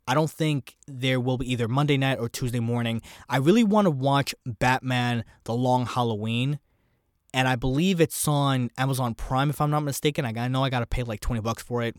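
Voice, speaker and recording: A man talks through his thoughts on his own podcast, rambling and animated, circling back and restarting as ideas come. His voice sits at an ordinary middle pitch. The sound is dry and close, with no room around it. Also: no echo. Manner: rambling, animated, thinking aloud. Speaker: podcast host. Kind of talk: casual solo podcast commentary.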